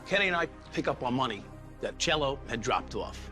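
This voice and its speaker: A man's voice: medium pitch, lively intonation, a little fast. A middle-aged man, a former police officer telling his story bluntly in an interview, swearing heavily. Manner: blunt, heated, heavy swearing. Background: music.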